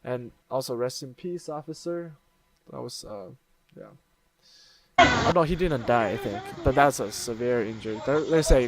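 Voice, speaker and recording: This YouTube host has a gravelly, medium-pitched voice and a moderate pace as he casually explains internet memes, restarting often and using many fillers. Crowd noise can be heard in the background.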